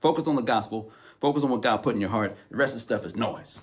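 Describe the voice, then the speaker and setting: A man's voice: medium pitch, fast talker. A man hosting a podcast, talking about faith in an emphatic, conversational way, with many fillers and asides. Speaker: podcast host. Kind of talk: casual faith commentary.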